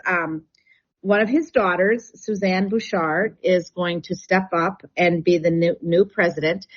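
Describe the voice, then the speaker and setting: A woman, chatting and telling stories as a radio guest, laughing often. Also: lowish voice. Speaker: real estate agent and radio show guest. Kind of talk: casual radio chat. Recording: dull radio broadcast sound.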